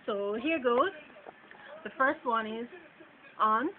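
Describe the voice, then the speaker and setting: A woman's voice: on the high side, expressive, takes it slowly. A woman from Jamaica with a Jamaican accent, chatting casually in a vlog as she explains words with everyday examples. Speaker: vlogger. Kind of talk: casual accent-tag video. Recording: tinny lo-fi line with faint noise.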